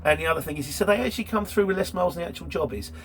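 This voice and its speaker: A man's voice: high-pitched, very fast, fairly bright tone, slight background noise. A man hosting a casual question-and-answer monologue, telling stories chattily and acting out other people's lines in a raised voice. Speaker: host answering viewer questions.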